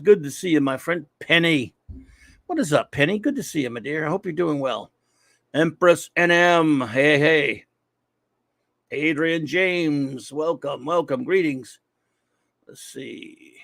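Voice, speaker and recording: A man hosts his livestream with loud, energetic shout-outs. His voice sits a little high and has a gravelly edge. The sound is dry and close. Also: unhurried, no echo. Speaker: livestream host. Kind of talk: casual livestream chat.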